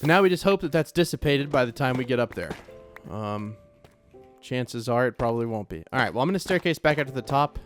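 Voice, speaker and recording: A young man casually commenting on his own gameplay in a chatty, joking way, quick to get startled and to repeat himself. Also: mid-range voice, animated, soft background music. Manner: chatty, jokey, easily startled, repeats phrases. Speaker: let's play gamer.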